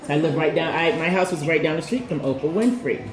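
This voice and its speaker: A man from Chicago talking warmly and effusively to a school class while visiting. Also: a little high, brisk. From Chicago, USA. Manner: warm, effusive praise. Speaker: visiting tourist. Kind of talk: casual talk to a class. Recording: roomy classroom with loud music over it.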